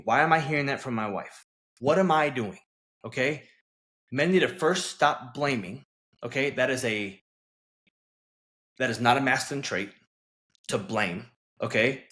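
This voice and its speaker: Male coach, mid-range pitch, bright forceful tone, emphatic checking-in delivery. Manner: emphatic, coaching, keeps checking in with "okay?" and "right?". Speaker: guest, relationship coach. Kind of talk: earnest interview talk.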